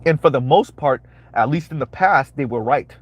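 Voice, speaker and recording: A man's voice: medium pitch, lively intonation, normal speed. A man hosting a live-streamed commentary, talking emphatically, repeating his phrases and asking "right?" again and again. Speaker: commentary channel host.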